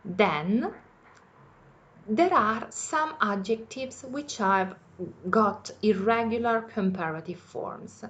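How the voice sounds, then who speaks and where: A woman teaching English grammar with an Italian accent, explaining each rule slowly and repeating it in her native Italian. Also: medium pitch, animated, highs cut off. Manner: patient, repeats each point in two languages. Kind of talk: bilingual grammar lesson.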